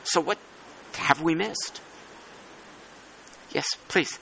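A man chairing a working group meeting, talking in halting, thinking-aloud phrases with many restarts. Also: fairly high pitch, gravelly, sharp tone, a little hiss or hum, low-quality recording. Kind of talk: meeting discussion.

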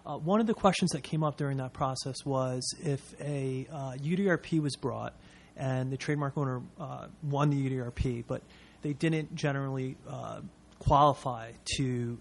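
Male audience member, mid-pitched, measured, faint background noise. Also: gravelly. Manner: measured, with frequent uh fillers. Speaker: audience questioner. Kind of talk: asking questions at a public meeting.

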